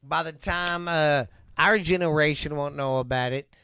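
A man's voice: on the high side, normal speed, creaky, sharp tone, a little hiss or hum. A middle-aged man with a Texan accent, co-hosting a casual podcast, ranting and swearing heavily. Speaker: podcast co-host. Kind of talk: casual profane chat.

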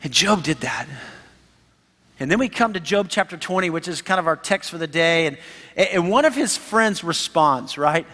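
Brief: male pastor, sermon, animated and conversational, high voice. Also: moderate pace. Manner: animated, conversational, acts out quotes. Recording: reverberant hall.

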